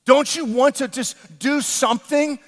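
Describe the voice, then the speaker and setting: High-voiced male pastor in a reverberant hall. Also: a little slow. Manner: animated, often shouting. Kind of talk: sermon.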